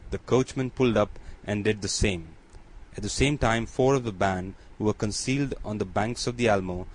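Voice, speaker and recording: A man's voice: lowish voice, lightly acted, poor audio. A man reading a deferential bandit messenger.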